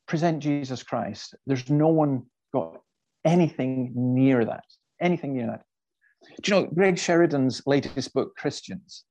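Middle-aged male preacher, medium voice, lively storytelling with frequent restarts. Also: mid-range voice, poor audio. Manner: animated storyteller who repeats words and restarts sentences. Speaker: Christian speaker and evangelist. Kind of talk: storytelling talk to a church audience.

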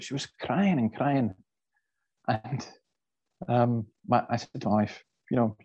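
A middle-aged man speaking to a church audience, telling stories as an evangelist, animated and often repeating himself. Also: medium pitch, husky, low-quality recording. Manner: animated storyteller who repeats words and restarts sentences. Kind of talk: storytelling talk to a church audience.

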